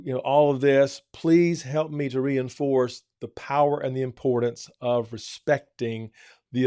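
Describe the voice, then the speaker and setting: A man's voice: medium pitch, dark tone, clean tone, no echo, studio quality. Earnest man giving parenting advice. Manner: earnest, repeats points for emphasis. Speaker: church family counselor. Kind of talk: advice talk.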